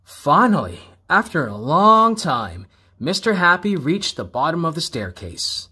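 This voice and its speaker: A man reading a children's storybook aloud, expressive and playful with repeated words. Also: fairly high pitch, measured pace, husky.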